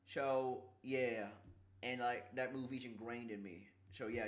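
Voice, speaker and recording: A man streaming casually, talking haltingly with a slight lisp from a sore tongue, repeating words and struggling with S sounds. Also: mid-range voice, fairly even intonation. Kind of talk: casual livestream chat.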